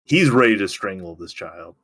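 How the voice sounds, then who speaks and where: A man co-hosting a podcast, recapping a TV episode in casual, excitable chat, swearing freely. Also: deep voice. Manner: excitable, swearing, recapping scenes with quick impressions. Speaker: podcast co-host.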